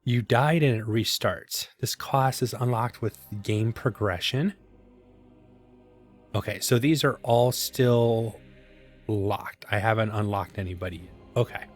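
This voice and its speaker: A man's voice: lowish voice, unhurried, faint music behind. A man casually commenting as he plays, thinking aloud and poking fun at himself. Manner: thinking aloud, self-deprecating, chuckles. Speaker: gaming channel host. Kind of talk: casual let's-play commentary. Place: home gaming setup.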